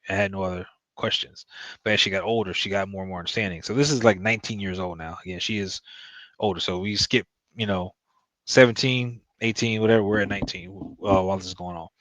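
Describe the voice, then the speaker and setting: A man's voice: deep voice, fairly even intonation, fast, a bit bright, no room sound. A man giving a casual, rambling recap of a TV episode, with loose fillers as he retells the plot. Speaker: TV show reviewer.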